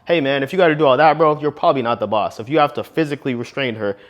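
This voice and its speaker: A man's voice: mid-range voice, very fast, muffled recording. A young man, a married relationship vlogger, giving casual advice and telling a story, slangy and punchy, dropping bro and man.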